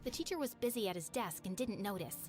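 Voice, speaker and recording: A woman narrating her own story in an expressive, confessional scripted storytime style, with music behind. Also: medium pitch, quick pace. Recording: narration over background music.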